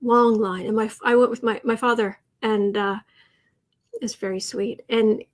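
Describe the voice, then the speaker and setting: A woman's voice: fairly high pitch, steady tone, normal speed. A woman hosting a political tarot and astrology livestream, talking in a rambling, casual way with many fillers and restarts.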